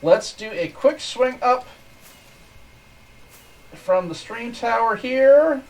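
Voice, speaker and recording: A man's voice: extremely high pitch, expressive, slow, long pauses, distant mic, rough recording. A man streaming, giving easygoing, rambling commentary over his game from his desk at home. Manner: easygoing, rambling with small restarts. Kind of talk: casual gameplay commentary. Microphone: desk microphone.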